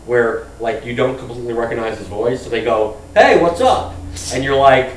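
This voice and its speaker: A man's voice: medium pitch, fairly even intonation, brisk. A man hosting a comedy web show, chatting with a guest in a joking, self-deprecating way. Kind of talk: casual interview chat. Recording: distant roomy mic with faint noise.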